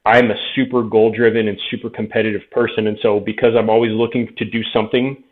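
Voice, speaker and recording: A man's voice: fairly low pitch, level tone, quick pace. A man in his thirties, a veteran guest telling his story frankly in a casual interview, often quoting himself. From Tucson, Arizona. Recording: tinny phone-like audio.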